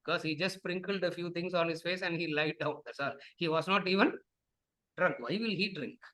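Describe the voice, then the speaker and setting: Man, Vedanta teacher, lecture with questions and answers, high voice, repetitive rhetorical questions. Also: brisk, pushed and bright, low-quality recording.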